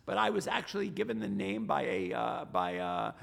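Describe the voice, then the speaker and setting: Gravelly New man, high voice. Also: moderate pace. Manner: animated, repeats and restarts words often. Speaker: podcast guest, stock trader. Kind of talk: casual interview storytelling.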